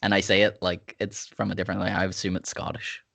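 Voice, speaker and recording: Brief: relaxed male podcast host, lowish voice, rambling casual chat with lots of fillers. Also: fast, creaky. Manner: rambling, laid-back, many fillers. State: sipping whiskey.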